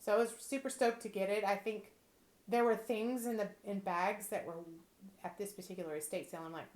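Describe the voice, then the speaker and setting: A woman's voice: mid-range voice, brisk, a little mellow. Chatty woman in an echoey room. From Texas. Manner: chatty and playful. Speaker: jewelry reseller. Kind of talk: casual chat. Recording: roomy echo.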